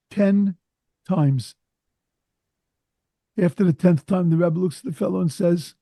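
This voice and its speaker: Husky, higher-voiced rabbi telling a story. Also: male voice, normal speed, warm tone, dry recording. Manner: earnest, emphatic storyteller. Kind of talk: sermon with storytelling.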